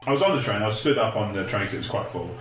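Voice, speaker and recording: A man's voice: lowish voice, lively intonation, very fast. A man telling sweary stories on a podcast, often laughing. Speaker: podcast host. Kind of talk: casual chat, swearing anecdotes. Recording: echoey room with faint noise.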